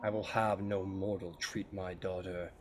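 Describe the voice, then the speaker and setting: A man's voice: little pitch movement, measured pace, very noisy. A man doing a grim, curt sea god. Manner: low, curt, menacing.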